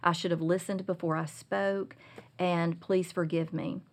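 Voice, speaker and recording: A middle-aged woman telling a personal parenting story as a guest, earnest and confessional, growing animated when she retells scenes. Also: fairly low pitch, unhurried. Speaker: guest speaker on Christian parenting.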